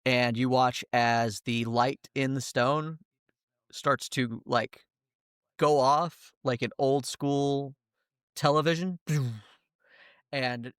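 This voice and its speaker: A man running a tabletop game as its game master, with an animated delivery that keeps tipping into laughter and quick voices for his characters. His voice sits at an ordinary middle pitch. It is recorded close and dry, with no room sound. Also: clear, resonant tone, dry recording.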